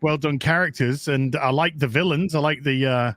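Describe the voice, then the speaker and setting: A man's voice: fairly high pitch, moderate pace, a bit bright, dry recording. A man in casual chat as a podcast co-host, frank and opinionated, swearing freely. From England.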